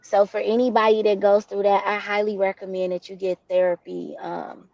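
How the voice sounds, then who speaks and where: A woman's voice: medium pitch, flat delivery, normal speed, gravelly, darkish tone, dry recording. Candid woman guest, dull dry audio. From Detroit, USA. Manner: candid, heartfelt personal storytelling. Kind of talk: interview conversation.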